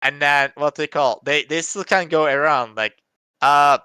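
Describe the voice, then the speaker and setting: Bright, clear-voiced man thinking aloud. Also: a little high, steady tone, no echo. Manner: halting, restarts often, thinks aloud. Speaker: game developer. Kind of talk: casual podcast chat.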